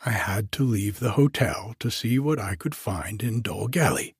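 A woman's voice: a bass voice, animated, normal speed, slightly rough, no room sound, clean studio sound, exaggerated voice. A man voicing a cheerful Welsh hotel manageress with a lilting, apologetic way of talking.

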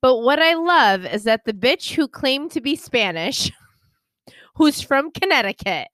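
A young woman gossips in a casual podcast chat, her pitch bouncing up and down as she tells the story. She is sarcastic and chatty and laughs often. The sound is dry and close, with no room around it. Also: sing-song, a little slow, fairly bright tone, dry recording. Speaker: podcast co-host.

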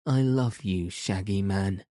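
A cheerful young sky fairy with a proud, lilting lift to her words, put on by a male narrator. The voice stays low and mellow underneath, close and dry. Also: slow pace, no room sound. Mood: adoring.

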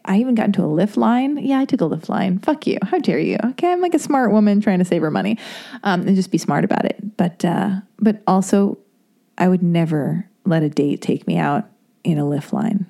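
Woman, young adult, solo podcast host; loose, filler-heavy, self-deprecating chat, warm low tone. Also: animated, brisk, creaky. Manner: chatty and rambling, heavy on fillers, self-mocking. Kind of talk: casual solo podcast intro.

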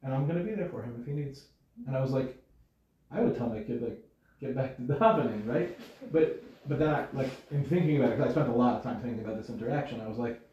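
A man's voice: medium pitch, animated, fast, warm tone. A man giving an informal Torah class. He talks in a conversational way, asks his listeners questions and slips in dry humor. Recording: distant, echoey, muffled lecture recording.

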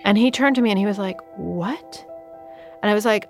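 A woman in her thirties, an author, talking candidly in an interview, earnest and quick with frequent restarts. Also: mid-range voice, faint music behind. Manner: earnest, rushed, many restarts and quoted self-talk.

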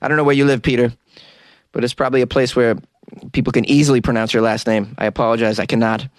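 A man's voice: mid-range voice, fairly even intonation, quick pace, dry recording, clean studio sound. An American man hosting a podcast, casually reading listener reviews aloud in a jokey, self-deprecating way and laughing often. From United States. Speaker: podcast host. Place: small hot closet used as studio.

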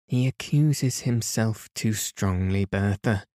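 A man reading the part of a kind young wife who speaks gently and reassuringly. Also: lowish voice, slow, no room sound, clean studio sound.

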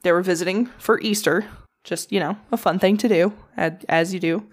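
A woman's voice: lowish voice, brisk. A woman co-hosting a podcast, telling a true crime story in casual, profane chat. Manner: profane, animated storyteller with mocking quoted voices.

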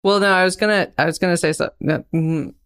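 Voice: medium pitch, quick pace, fairly bright tone, clear, resonant tone. A young adult co-hosting a podcast, talking in a casual chat that runs into enthusiastic, rambling tangents. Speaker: podcast co-host.

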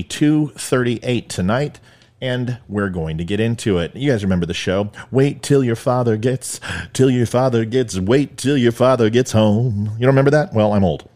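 A man's voice: medium pitch, darkish tone. Middle-aged male podcast host with a mid-range voice and a wry, joking monologue style. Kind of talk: solo monologue with storytelling.

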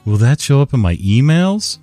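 A man voicing a slow, confused older male caller who is helpless with technology, drawling out bewildered questions. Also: medium pitch, sing-song, warm tone, no echo, soft background music, pitched above the performer's own voice.

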